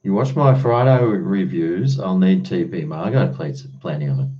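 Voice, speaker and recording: A man's voice: low-pitched, normal speed, dull audio. An Australian man live-streaming, chatting casually with viewers and answering their comments in a blunt, freely swearing way.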